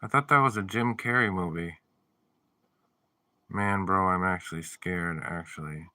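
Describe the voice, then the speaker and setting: Guy on a chill livestream reading chat, joking around, slow easy talk, dry close mic. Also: low-pitched, bright, forceful tone, no echo. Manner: playful, jokey, reads viewer messages aloud. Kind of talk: casual live-stream chat.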